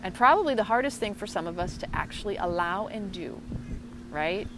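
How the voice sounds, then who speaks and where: Woman co-host, casual outdoor live chat, effusive and talkative, mid-range voice, clear traffic and ambient noise behind. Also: mid-range voice, animated, fairly quick. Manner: chatty and effusive, greeting viewers by name. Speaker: co-host of an online live show. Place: outdoors at a waterfront. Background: outdoor ambience and passing vehicles.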